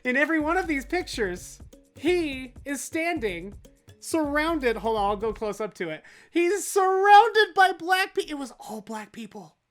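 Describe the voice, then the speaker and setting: A woman's voice: sits high, lively intonation, moderate pace, faint music behind. A woman hosting a comedy news show, ranting sarcastically and mocking the people in the stories.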